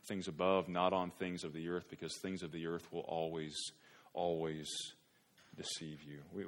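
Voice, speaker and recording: A man preaching a sermon as pastor, animated, often raising his voice to mock the voices of complainers. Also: low voice.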